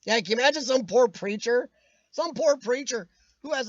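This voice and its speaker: Livestream host, a man with a high, nasal, worn voice that cracks at times, joking to chat over a dull, dry webcam. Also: animated, normal speed, no room sound. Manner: rambling, jokey, laughs often. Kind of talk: casual chat.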